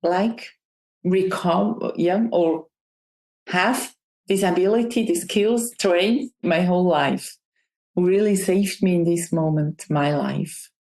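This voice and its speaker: A woman's voice: on the low side, slow pace, a little mellow. A woman guest in an interview, talking reflectively and often restarting, with non-native phrasing. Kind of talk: conversational interview. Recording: roomy echo.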